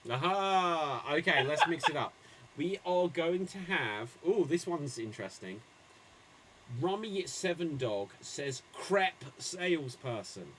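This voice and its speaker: A man hosting improv comedy with a slow, unhurried delivery and a slightly raised pitch. He calls on players and drops pun jokes with a dry pause, over a faint hiss of background noise. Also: lively intonation. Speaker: improv game host.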